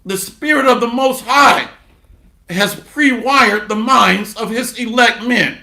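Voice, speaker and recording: A high-pitched man preaches slowly with a gravelly edge. His tone is bright and sharp, blunt and mocking as he reads scripture and drives his points home, in a roomy, echoing space. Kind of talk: sermon with scripture reading.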